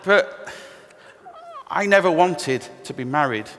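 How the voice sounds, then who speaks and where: A man's voice: on the high side, animated, slow, fairly bright tone. A middle-aged man from England telling his personal testimony at church, candid and self-deprecating with touches of humor. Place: church hall. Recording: long reverb of a church hall.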